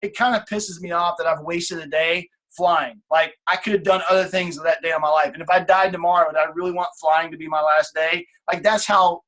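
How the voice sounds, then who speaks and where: A man's voice: on the high side, fairly even intonation, a little fast, few pauses, fairly bright tone. A man in his late thirties leading a motivational team call, blunt and casual, swearing freely and repeating his key points. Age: late 30s. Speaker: team leader on a coaching call.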